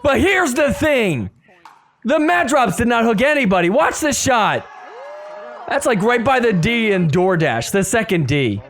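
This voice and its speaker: A man hosting a sports podcast, recapping games in a casual, excitable way and laughing at the calls. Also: extremely high pitch, a little slow. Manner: excitable, laughing, mock-quoting players. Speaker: podcast host.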